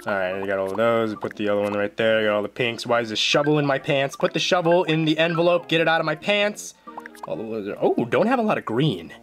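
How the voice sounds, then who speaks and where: A host giving casual, jokey commentary on a game they are playing, with playful and excitable outbursts. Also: mid-range voice, fairly quick. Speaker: gameplay video journal host. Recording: game music clearly behind the voice.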